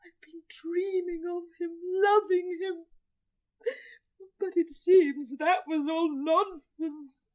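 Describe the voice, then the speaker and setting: A woman's voice: extremely high pitch, fairly even intonation, takes it slowly, darkish tone. An actress in a vintage radio play voicing a weary, despairing young woman in her twenties who talks tearfully and keeps breaking into sobs. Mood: wistful. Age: 20s.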